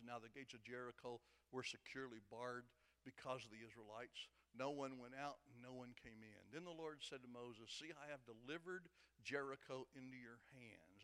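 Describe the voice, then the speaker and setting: A man preaching a sermon who swings between hushed asides and loud, emphatic passages. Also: mid-range voice, clean tone. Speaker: pastor. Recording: long hall reverb.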